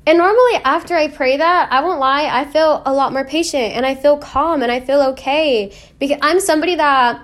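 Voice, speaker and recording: A woman's voice: sits high, a bit bright. A young woman hosting her own faith podcast, talking earnestly and chattily with lots of "like" and little laughs. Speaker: podcast host. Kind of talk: casual faith podcast talk.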